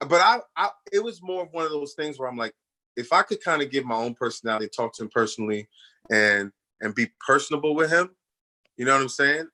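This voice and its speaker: A man's voice: medium pitch, quick pace. A man guest on a radio show, telling stories in a loose, slangy way and acting out other people's voices. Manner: animated storyteller, acts out others' voices in quotes; slangy, repeats "you know what I'm saying". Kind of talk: casual storytelling interview.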